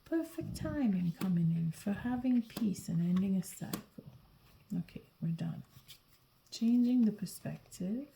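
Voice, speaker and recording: A woman giving a whispered tarot reading late at night, sleepy and yawning, talking in a soft, halting whisper with frequent restarts. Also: medium pitch, expressive, gravelly, a little hiss or hum, poor audio. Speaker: tarot reader.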